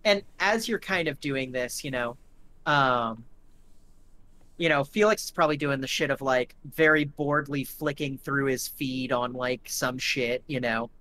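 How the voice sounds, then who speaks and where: Game master, tabletop narration, casual, rambling, swearing, mid-pitched. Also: unhurried, sharp tone, slight background noise.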